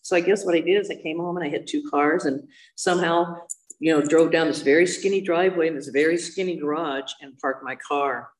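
Woman speaker, candid personal storytelling, wry and animated; room echo, mic at a distance. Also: low voice, a little fast. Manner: candid, self-mocking, animated quoting of others. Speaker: speaker sharing a recovery story.

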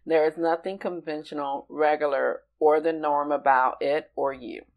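Low-voiced older woman reading deliberately. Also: fairly even intonation, poor audio. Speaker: podcast co-host. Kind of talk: reading a personal letter aloud.

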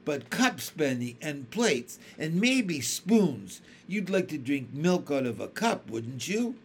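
A man reading aloud and voicing a gentle, sweet-natured girl. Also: on the high side, very animated, takes it slowly, gravelly, slight background noise, exaggerated voice.

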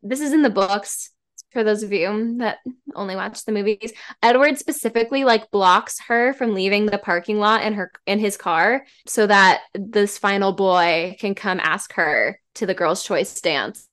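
Gushing, animated woman podcast guest. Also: mid-range voice, normal speed. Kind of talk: casual podcast chat.

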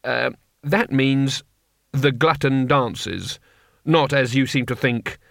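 A man's voice: mid-range voice, steady tone, slow pace, creaky, a bit bright, no echo, clean studio sound. A man voicing a nervous, pedantic schoolteacher who hesitates and keeps correcting others.

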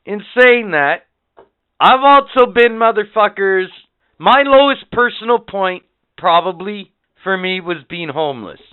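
A man hosting a podcast in profane, rambling casual chat, swinging between loud and quiet. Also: high-pitched, animated, unhurried, smooth. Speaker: podcast host. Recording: phone-like lo-fi audio.

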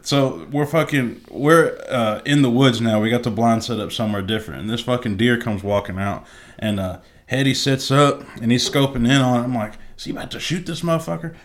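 A man on a podcast bantering and telling a hunting story in relaxed, profane slang, laughing often. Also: mid-range voice, fairly quick. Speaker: podcast co-host. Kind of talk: casual banter.

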